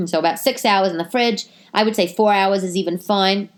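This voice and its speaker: A woman, a stand-up comic hosting a casual chat, talking in a chatty, animated way with many fillers. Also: mid-range voice, normal speed. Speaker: podcast host and stand-up comic. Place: living room.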